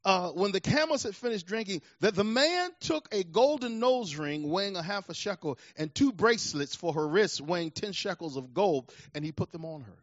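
A pastor preaching a sermon in a church, emphatic and repeating phrases to drive points home. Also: male voice, high-pitched, animated, normal speed, hardly any pauses, no room sound, dull audio.

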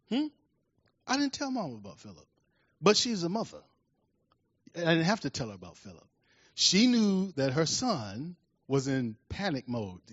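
A man from Washington, D.C. delivers a sermon in a fairly high voice, swinging between lively, acted-out storytelling and soft, quiet reflection. The sound is dry and close, with a slightly dull, muffled tone. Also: slightly rough, no echo. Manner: animated storytelling, acts out scenes loudly. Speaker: preacher.

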